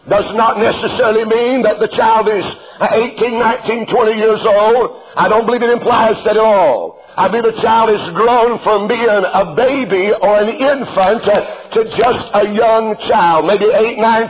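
Fervent high-voiced preacher on old radio. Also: male voice, moderate pace, highs cut off. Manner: fervent, rises to shouts at peaks, addresses listeners as "friend". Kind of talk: sermon with scripture reading.

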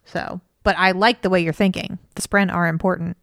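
A woman's voice: lowish voice, steady tone, brisk, a bit bright, dry recording, studio quality. A woman co-hosting a podcast, chatting casually and thoughtfully about a book she is reading. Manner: thoughtful, analytical, peppered with "you know". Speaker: podcast co-host; mother of school-age kids.

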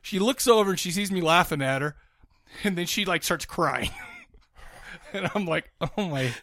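A man's voice: high voice, animated, moderate pace, a bit bright, no room sound. A man co-hosting a podcast, telling a rambling story in casual chat, full of restarts and laughter. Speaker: podcast co-host.

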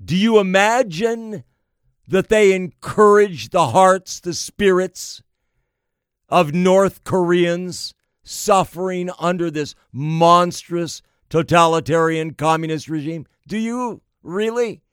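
A man delivering an emphatic political monologue, slow and deliberate, piling up phrase after phrase. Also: high voice, clear, resonant tone, no echo, clean studio sound. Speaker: political commentator.

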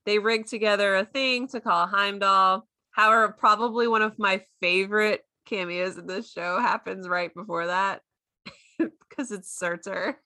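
A woman's voice: mid-range voice, fairly even intonation, a little slow, sharp tone, dry recording, studio quality. A woman in her thirties, co-hosting a casual recap chat, chatty and laughing often as she quotes characters in silly voices. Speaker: podcast co-host recapping a show.

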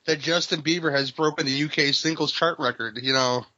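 Casual. guy host ribbing his guests, pitch a bit high, dull lo-fi sound. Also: steady tone, brisk, pushed and bright, no echo. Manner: teasing, stammering repeats. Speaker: podcast host. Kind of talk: casual chat.

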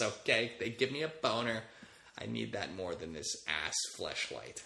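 In an echoey room, a podcast host in his thirties rambles through a casual monologue, crude and joking and swearing freely. His slightly low voice still comes across bright and forceful, animated but a little slow, with vocal fry.

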